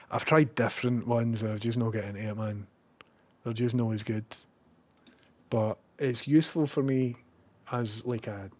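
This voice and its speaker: A Scottish man chatting casually on a live stream. He rambles, swears freely and now and then bursts out loudly. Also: mid-range voice, dry recording. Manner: rambling and profane, with bursts of loud excitement.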